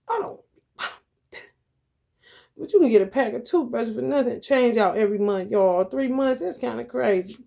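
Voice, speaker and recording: A woman's voice: a little high, a little mellow. A woman tarot reader giving casual advice in a blunt, rambling, profane way, calling her listeners honey.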